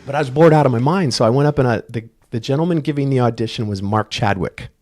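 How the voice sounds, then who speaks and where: A middle-aged man, a guest on an interview show, telling stories in a relaxed, chatty way and acting out the voices of people he quotes. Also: mid-range voice, fast talker. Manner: animated storyteller, acts out quoted voices. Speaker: podcast guest, stunt coordinator. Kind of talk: casual interview storytelling.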